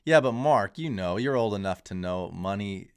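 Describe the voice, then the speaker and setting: A man in his thirties hosts a casual livestream, speaking with a fairly low, clear and resonant voice. He rambles candidly through his opinions, often restarting his sentences mid-thought. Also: animated, normal speed. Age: 30s. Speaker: crypto livestream host.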